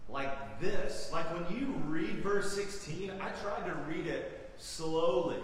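A man's voice: sits high, takes it slowly, slight background noise. A man preaching a sermon as pastor, earnest, with dramatic emphasis when he voices the prophet's cries. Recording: echoey hall from far off.

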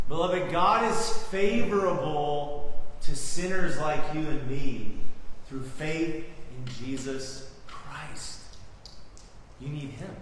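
A man's voice: on the high side, slow pace, fairly bright tone, slight background noise. A man preaching a sermon as pastor, earnestly calling the listeners beloved and asking them rhetorical questions. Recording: echoey hall from far off, faint ambience.

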